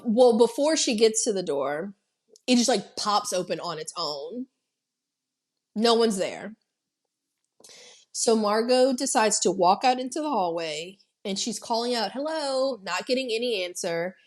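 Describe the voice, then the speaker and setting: A woman co-hosting a podcast, recapping a horror film in animated casual chat and swearing freely. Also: medium pitch, unhurried. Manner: animated storytelling, heavy swearing, acting out quotes. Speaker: podcast co-host.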